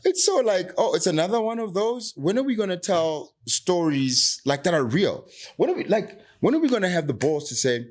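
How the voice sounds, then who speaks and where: A middle-aged South African actor, appearing as a podcast guest, speaks at normal speed in a voice that sits high and swings widely in pitch. In this candid conversation he's passionate and emphatic, driving his points home with rhetorical questions.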